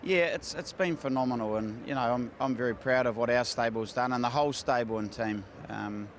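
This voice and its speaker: A man's voice: medium pitch, fairly quick, a little hiss or hum. A man, a racehorse trainer talking candidly after a big win, with lots of fillers and restarts. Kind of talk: casual post-race interview. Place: outdoors at a racecourse.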